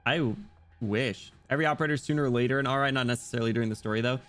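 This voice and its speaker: A young British man chatting casually on a live stream, rambling and playful, often clearing his throat. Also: medium pitch, racing, fairly bright tone, faint music behind. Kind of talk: casual live-stream chat while reading game dialogue.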